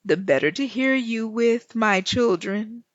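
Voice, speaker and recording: A woman's voice: a little high, lively intonation, a little slow, no echo, muffled recording. A woman doing a sly, sweet-talking big bad wolf. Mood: falsely sweet.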